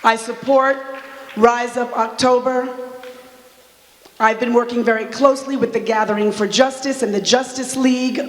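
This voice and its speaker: A woman's voice: a little high, fairly even intonation. A woman activist giving an impassioned rally speech with call-and-response chants, stretching out key words for emphasis. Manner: fervent, chanting, drawn-out emphatic phrases. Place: large church sanctuary with an audience. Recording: echoey church hall with long reverb.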